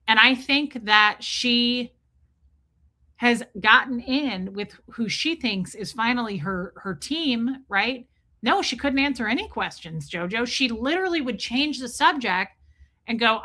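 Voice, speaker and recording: A woman hosting a livestream, talking fast and emphatically, repeating herself and breaking off to thank viewers in the chat. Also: on the high side, expressive, sharp tone. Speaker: livestream host. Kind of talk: casual livestream commentary.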